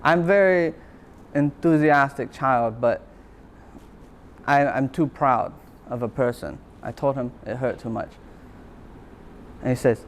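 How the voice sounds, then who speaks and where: A man's voice: mid-range voice, slow pace, pauses often, a little hiss or hum. Earnest man telling a personal story. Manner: repeats phrases for emphasis. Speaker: university lecturer. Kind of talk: motivational talk.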